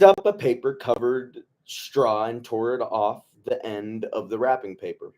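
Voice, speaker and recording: A man reading a novel aloud to his book club in a relaxed way, stumbling over words, rereading lines and tossing in joking asides. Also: mid-range voice, a little slow, few pauses. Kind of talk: casual read-aloud of a novel.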